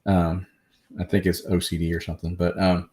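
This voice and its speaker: A man's voice: low voice, little pitch movement, brisk, warm tone. A man speaking as a guest travel vlogger in a casual chat, hesitant and rambling.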